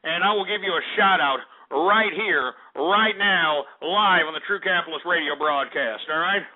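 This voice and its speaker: A man hosting a live radio show, loud and boisterous, a little out of breath, swigging beer and laughing as he reads off listener names. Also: fairly high pitch, normal speed. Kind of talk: rowdy live internet radio banter. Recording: tinny phone-like line with faint music.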